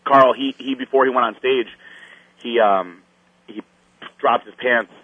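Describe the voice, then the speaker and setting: A man with a mid-range voice tells a story in casual chat at an unhurried pace, animatedly acting out other people's lines and swearing along the way. There's no echo, though the sound is tinny like a phone line.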